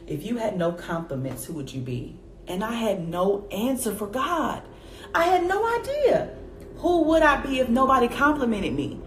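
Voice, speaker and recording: A woman in her twenties telling a personal faith story straight to her viewers, calling them y'all and acting out her own past reactions in a high voice. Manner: addresses viewers directly as y'all. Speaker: faith vlogger. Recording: echoey room with faint background noise.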